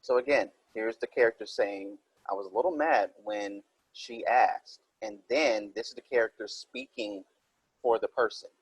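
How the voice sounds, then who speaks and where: A man's voice: fairly low pitch, moderate pace, husky, no room sound, rough recording. A man teaching a recorded writing minilesson, explaining step by step and reading example sentences aloud.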